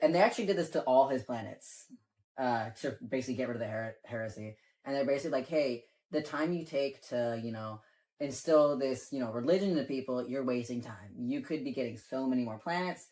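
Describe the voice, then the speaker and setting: A man's voice: mid-range voice, brisk, darkish tone. A man co-hosting a casual chat and explaining game lore in a rambling way, leaning on filler words and swearing now and then. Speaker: co-host.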